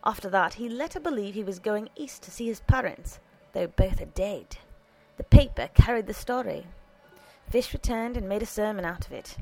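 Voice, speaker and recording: A woman's voice: mid-range voice, expressive, moderate pace, creaky, warm tone, soft background music, poor audio. A woman reading aloud and voicing a wry, chatty male priest around sixty who likes to gossip.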